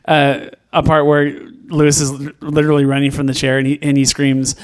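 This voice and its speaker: A man's voice: on the high side, monotone, fairly quick, clean tone. A man co-hosting a podcast, chatting casually and rambling through restarts and fillers. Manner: rambling, lots of restarts and fillers, laughs easily. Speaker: podcast co-host. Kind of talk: casual podcast review chat.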